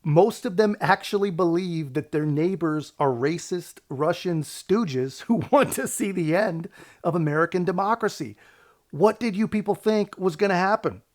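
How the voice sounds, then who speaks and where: A male commentator with a slightly high voice talks in a casual, mocking way. He laughs between points and keeps asking "right?" to pull the listener along. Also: normal speed. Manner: sarcastic, laughs often, says "man" and "right". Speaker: political commentary host.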